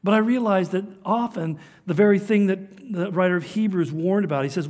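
Older man, high-pitched, earnest, emphatic, preaching a sermon. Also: fairly quick, hardly any pauses, darkish tone. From Southern California. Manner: earnest, emphatic preaching with rising and falling delivery. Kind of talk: sermon on prophecy.

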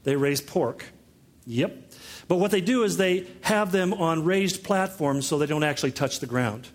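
High-voiced man preaching a sermon. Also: unhurried. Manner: conversational teaching with joking asides. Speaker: pastor.

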